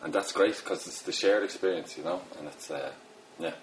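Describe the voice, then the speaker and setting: Middle-aged Dublin poet, very low voice, casual and self-deprecating, noisy background. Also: male voice, normal speed. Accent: Dublin Irish. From Ireland. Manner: rambling, self-deprecating, many fillers. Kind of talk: casual interview talk.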